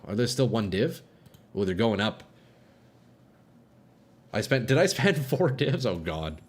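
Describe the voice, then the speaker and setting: A young man streaming a game live, chatting to his viewers, swearing and laughing often. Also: fairly low pitch. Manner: swears a lot, laughs and rambles to chat. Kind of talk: live gameplay chat with viewers.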